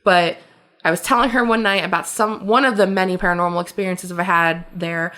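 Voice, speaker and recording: A woman co-hosting a podcast, telling stories in a casual, animated way with frequent laughter and lots of fillers. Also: lowish voice, a little fast. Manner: animated storyteller, laughs often, many fillers. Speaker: podcast co-host. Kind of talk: casual chat.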